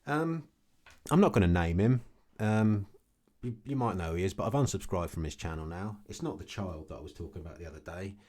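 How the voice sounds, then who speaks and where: A crypto vlogger rants casually to the camera about his investments, blunt and repetitive, often tagging his points with "okay." His voice sits low, with a dark tone and a fast pace.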